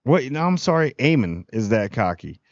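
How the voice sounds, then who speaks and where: A man giving a casual, rambling spoiler review of a TV episode, full of slang and quick acted-out lines for the characters. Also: mid-range voice, sing-song, dry recording, muffled recording.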